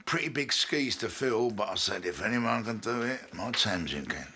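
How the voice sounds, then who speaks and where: A man playing a smooth, persuasive showbiz agent in a TV comedy drama. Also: on the low side, animated, normal speed, sharp tone, heavily acted.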